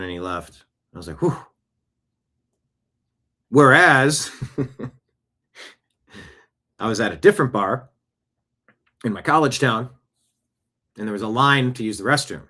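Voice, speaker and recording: A man's voice: fairly low pitch, a little slow, pauses often. Chatty male show host telling stories. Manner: chatty, animated storyteller. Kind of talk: casual storytelling monologue.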